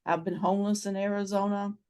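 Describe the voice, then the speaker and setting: A woman's voice: mid-range voice, little pitch movement, fast talker, a little mellow, clean tone. A woman in her seventies with a North Carolina accent, hosting a casual chat and telling travel stories in a rambling, frank way with many restarts. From North Carolina, USA. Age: 70s. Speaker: channel host.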